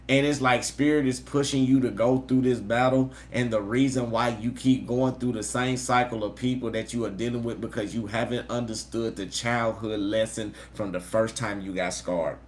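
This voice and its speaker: A chatty man hosts a live-streamed tarot reading at a medium pitch for a man. He calls out viewers by name and gives earnest spiritual encouragement in an easygoing, talkative way. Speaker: tarot reader.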